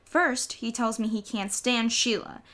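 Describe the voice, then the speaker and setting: A woman reading a children's novel aloud in a lively storytelling way. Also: on the high side, a little slow. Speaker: audiobook reader.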